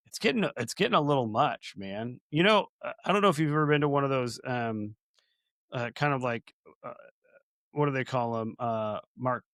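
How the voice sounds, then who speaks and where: A man's voice: mid-range voice, a bit bright, no room sound, clean studio sound. A man co-hosting a casual podcast, chatty and anecdotal, building vivid comparisons as he talks. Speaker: podcast co-host.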